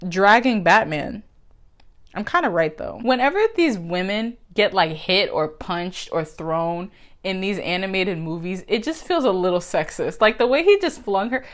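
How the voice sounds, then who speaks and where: A woman talking casually to camera, ranting about animated superhero movies in a lively, profane way with big swings in pitch. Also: normal speed. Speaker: video creator. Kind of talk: casual commentary vlog.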